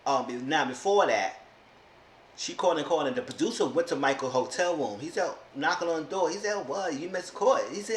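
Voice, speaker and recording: A man's voice: fairly high pitch, fairly quick. A man giving a casual, sassy recap of a reality show, exasperated and often mimicking the people he talks about. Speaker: TV show reviewer. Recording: echoey room with faint noise.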